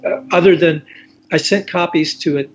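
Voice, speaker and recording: Slightly high-voiced man, halting and chatty. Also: steady tone. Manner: halting, with many restarts and "you know"s. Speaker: magazine editor and photographer, guest. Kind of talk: casual conversational interview. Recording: dull lo-fi sound with faint background hiss.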